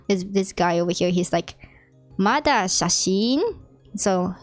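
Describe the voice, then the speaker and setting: A woman giving a casual, self-taught Japanese lesson to friends, chatty and quick to laugh, acting out quoted lines in a lifted voice. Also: mid-range voice, dry recording. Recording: dry with faint music behind.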